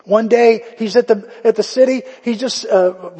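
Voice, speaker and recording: A man's voice: high voice, normal speed, warm tone, breathy edge, in a large hall. A male pastor preaching a sermon in a conversational storytelling way, acting out the quotes.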